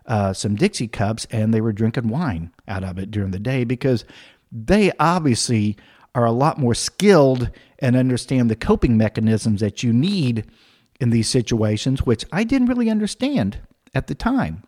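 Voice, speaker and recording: A man telling a comic personal anecdote, animated, acting out the other people's voices and laughing as he goes. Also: mid-range voice, normal speed. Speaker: storyteller.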